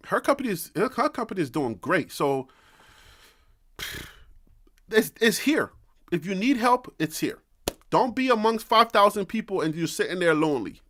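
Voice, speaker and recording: A man's voice: high-pitched, fairly bright tone. A man hosting a sports channel, talking casually and animatedly to his viewers, sometimes preachy, sometimes teasing with laughs. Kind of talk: casual live-stream chat.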